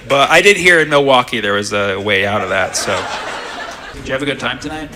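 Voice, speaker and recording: A man doing stand-up and chatting with the audience about hecklers. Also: mid-range voice. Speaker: stand-up comedian. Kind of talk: stand-up set. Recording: live comedy club recording with crowd. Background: audience laughter and room noise.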